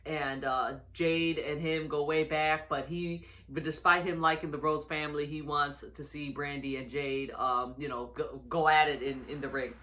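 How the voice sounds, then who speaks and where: Bright-voiced, chuckling casual reviewer. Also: medium pitch, steady tone, moderate pace, hardly any pauses. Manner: rambling, with many fillers and restarts and frequent chuckles. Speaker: wrestling show reviewer. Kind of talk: casual episode recap.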